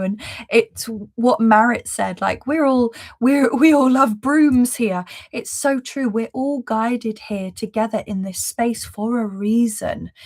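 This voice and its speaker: Woman host for a live spiritual reading: gentle, affirming, unhurried, mid-pitched. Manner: laughs softly between phrases.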